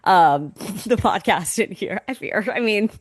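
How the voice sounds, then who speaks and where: A pregnant woman co-hosting a podcast in casual chat, animated and quoting herself in lively voices. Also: mid-range voice, measured pace, dry recording, studio quality. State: pregnant, recovering from sickness. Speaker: podcast co-host.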